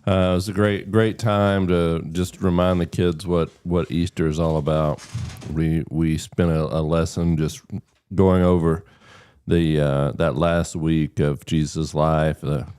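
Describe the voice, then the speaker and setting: A man who is a pastor, talking as a guest on a morning radio show in a calm, measured, easygoing way. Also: sits low, smooth. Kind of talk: casual radio chat.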